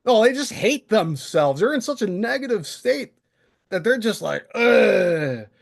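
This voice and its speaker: A man's voice: sits high, sing-song, normal speed, gravelly. A male livestream host delivering an exasperated, profane, confrontational rant straight to the camera. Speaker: channel host. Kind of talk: ranting livestream monologue.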